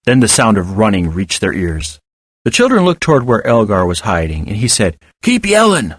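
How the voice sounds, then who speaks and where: Guy reading a kids' story aloud, lively up-and-down delivery, dry close mic. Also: fairly low pitch, fairly quick, husky, no echo. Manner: expressive storytelling. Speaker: narrator. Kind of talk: audiobook reading of serial fiction.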